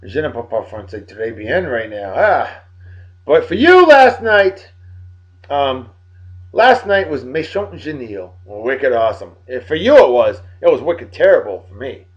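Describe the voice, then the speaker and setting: A tired man giving joking, animated shout-outs to friends in a casual vlog. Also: mid-range voice, measured pace. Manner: animated, joking sports banter. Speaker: vlog host. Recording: dull lo-fi recording.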